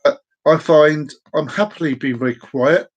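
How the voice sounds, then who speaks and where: Playful man, chatty and slightly high. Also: normal speed, breathy edge, rough recording. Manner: playful and chaotic, repeats and stretches phrases; sudden whoops and excited outbursts. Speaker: live-stream host. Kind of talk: casual live-stream chat. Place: at home at a desk.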